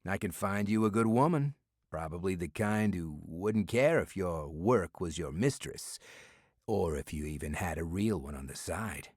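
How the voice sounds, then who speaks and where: A man's voice: low voice, animated, unhurried, darkish tone, slightly rough, dry recording, clean studio sound, full character voice. A man voicing a brash male friend who teases and pushes in banter, in an audiobook. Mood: teasing. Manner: pushy, ribbing banter. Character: brash, teasing male friend and city official.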